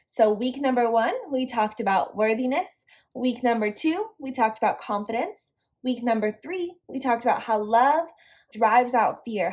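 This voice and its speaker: A young woman with a somewhat high voice leads an online devotional lesson for a girls' youth group. She is upbeat and encouraging, speaking directly to the girls.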